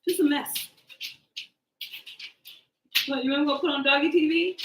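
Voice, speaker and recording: Tarot-reader woman, high pitch, playful and jokey, echoey room. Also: normal speed, slight background noise. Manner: animated, joking, laughs often. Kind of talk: casual live tarot reading and chat.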